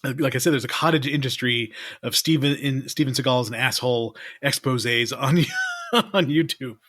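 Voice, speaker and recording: A man's voice: mid-range voice, brisk, a bit bright. A man with an ordinary mid-range voice co-hosts a podcast, chatting loosely. He laughs often and pokes fun as he talks. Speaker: podcast co-host. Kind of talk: casual chat.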